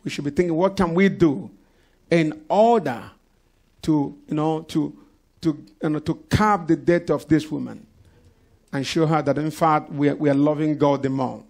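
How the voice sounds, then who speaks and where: Male pastor, gravelly, slightly high voice, preaching with congregation call-outs. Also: fairly even intonation, normal speed, a little mellow. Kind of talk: sermon. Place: church service.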